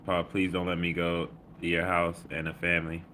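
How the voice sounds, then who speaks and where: Low, bright-voiced man. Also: monotone, moderate pace, a little hiss or hum. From Baltimore. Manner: loose, slangy, reads chat comments aloud with shout-outs. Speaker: livestream host. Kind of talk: casual livestream chat.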